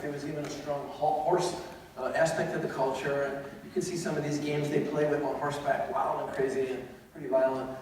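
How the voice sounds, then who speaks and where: A university teacher from the United States gives a talk of comic anecdotes, chatty and peppered with fillers and restarts. His voice is a little high and a little mellow, recorded from afar in an echoey lecture hall with faint background noise.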